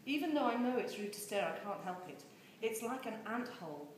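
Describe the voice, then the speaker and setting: A woman's voice: fairly high pitch, fairly quick, a little hiss or hum. Woman reading a story in an echoey room. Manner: expressive, lively storytelling. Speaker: reader. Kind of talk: reading a novel aloud.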